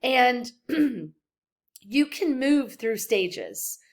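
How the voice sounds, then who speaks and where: A young woman with a slightly high voice talks through a psychology lecture for her class. She keeps it conversational, full of ums and you-knows, and slips into little acted-out quotes to make her examples land. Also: big pitch swings, drawn-out words. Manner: conversational, acts out example quotes with filler words. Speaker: psychology instructor. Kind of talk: recorded lecture for students.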